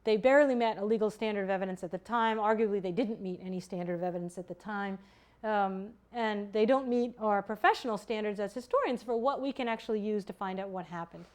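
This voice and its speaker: A woman's voice: mid-range voice, a little mellow. A woman historian giving an academic lecture, thoughtful and explanatory, often restarting and correcting herself mid-sentence. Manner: halting, self-correcting, many restarts.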